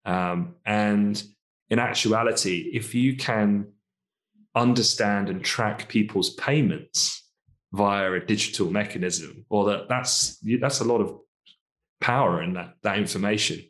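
A man co-hosting a finance podcast, talking in a relaxed, chatty way and asking tag questions like "isn't it?". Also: fairly low pitch, a little slow. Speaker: co-host, markets commentator. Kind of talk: casual podcast discussion.

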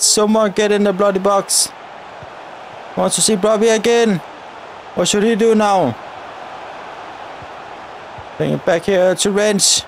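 A high-pitched man talks through his football video game, slow and deliberate between bursts of shouting at his players and the referee. A faint hiss sits under the recording. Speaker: gaming YouTuber. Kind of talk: live gameplay commentary.

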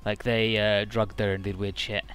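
A man's voice: fairly low pitch, level tone, moderate pace, a bit bright, smooth, faint music behind. A man casually narrating a video game playthrough, loose and rambling, with lots of fillers and the odd swear word. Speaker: let's play commentator.

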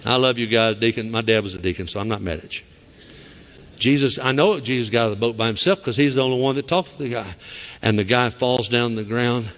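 A middle-aged man with a Southern US accent preaching a lively sermon as pastor in a church, acting out quoted voices with sharp high cries. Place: church sanctuary. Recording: church sanctuary with long reverb.

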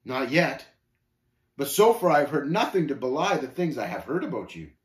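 A man's voice: mid-range voice, moderate pace, echoey room, natural voice. A man reading aloud and voicing a plain-spoken, earnest male pilgrim who speaks matter-of-factly. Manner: steady, matter-of-fact, earnest.

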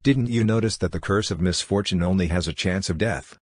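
A man's voice: sits low, a little fast, slightly rough, no room sound. A male audiobook reader voicing greedy, bold male pirates who talk in a blustering, persuasive way. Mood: eager. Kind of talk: audiobook character reading.

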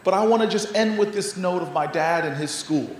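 A man's voice: high-pitched, brisk. A man giving an inspirational gala speech from a podium, stumbling over repeated words and building to rousing refrains. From United States. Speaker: mayor, gala speaker. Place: large banquet hall. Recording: echoey hall, faint noise.

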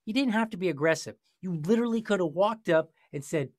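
A man's voice: high-pitched, animated, fast, few pauses, no echo, studio quality. A man hosting a podcast discussion, telling a story in a passionate, sarcastic way. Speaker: podcast host. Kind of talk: casual discussion.

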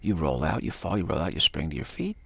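An older man giving a casual spiritual talk, rambling and halting with many restarts and playful acted-out quotes. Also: rumbling low, very animated, vocal fry, slightly rough, dry recording. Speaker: spiritual teacher.

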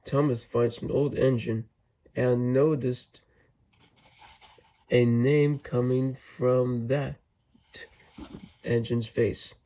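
A man hosting his channel, reading a children's storybook aloud in a halting way with slips and restarts. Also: mid-range voice, steady tone, dark tone, low-quality recording.

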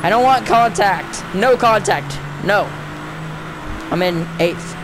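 An unhurried, drawn-out voice narrates a racing game as they play, swinging from frustrated yelps to grumbling asides. The pitch sits mid-range for the speaker. Loud car engine noise from the game runs under everything. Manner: excitable, swings between frustrated outbursts and muttering. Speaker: gaming channel host. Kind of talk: casual gameplay commentary. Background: car engine and race sounds from the game.

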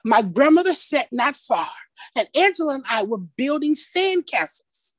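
A woman telling a personal story at a story slam over a video call, in a slow, expressive, folksy way. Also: high voice, no echo.

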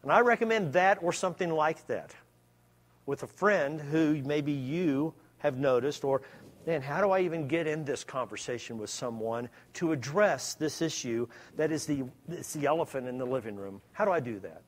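A man preaching a sermon in a conversational way that turns emphatic and loud at times. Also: fairly high pitch, moderate pace.

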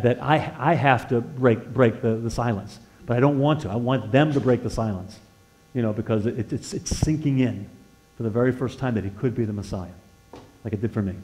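A male guest preacher telling stories from the pulpit in a middle-pitched voice. He swings from loud, emphatic bursts to hushed, earnest asides. His words stumble into repeats and restarts as he goes. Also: rough recording. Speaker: guest speaker at a church. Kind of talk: sermon. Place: church sanctuary.

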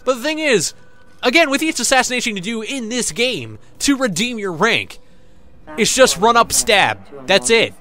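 A man's voice: very high voice, sing-song, normal speed, pushed and bright. A man giving loose, sarcastic gameplay commentary with frequent swearing. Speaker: let's play gamer.

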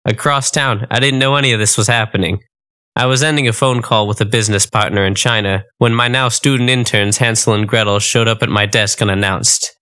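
A man's voice: on the low side, steady tone, brisk, pushed and bright, smooth. A man narrating a comic storybook in a wry, matter-of-fact way.

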